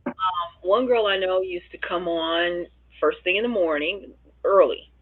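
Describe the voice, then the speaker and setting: A man with a slightly high voice talks in an upbeat, talkative way. He comes through a tinny phone line with dry, close sound. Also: a little slow, no room sound. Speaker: fellow streamer, call-in guest. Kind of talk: casual chat.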